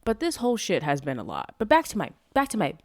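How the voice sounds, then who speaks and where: A woman's voice: medium pitch, huge pitch swings, fast, dry recording, studio quality. A young adult woman hosting her own podcast in casual, rambling chat that swears freely and keeps drifting off topic. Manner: rambling, profane, easily sidetracked. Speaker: podcast host. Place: at home, street traffic nearby.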